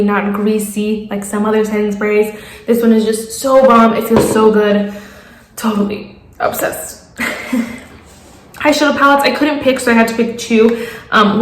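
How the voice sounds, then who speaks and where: A woman's voice: medium pitch, echoey room, low-quality recording. A young woman reviewing her favorite makeup in a casual, gushing way, piling up praise and laughing often. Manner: gushing, enthusiastic, repetitive praise with frequent laughs. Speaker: beauty vlogger.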